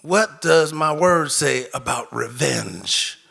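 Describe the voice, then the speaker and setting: A man voicing a slow stern God. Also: on the high side, big pitch swings, creaky, sharp tone, voice pushed down, heavily acted. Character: calm stern male God, speaking inwardly.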